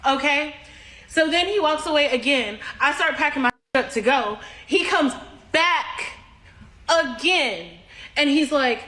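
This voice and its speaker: A woman's voice: high voice, a little slow, fairly bright tone. A woman telling a profane, exasperated story and acting out the people she quotes. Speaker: clip creator. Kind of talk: ranting storytime.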